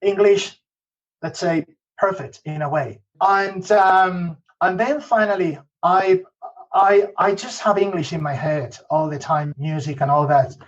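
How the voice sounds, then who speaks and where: A man from Spain with a high voice and fairly even intonation tells stories at a measured pace as a podcast guest in a casual interview. He frequently restarts and leans on "okay?" and "you know," and the recording is muffled.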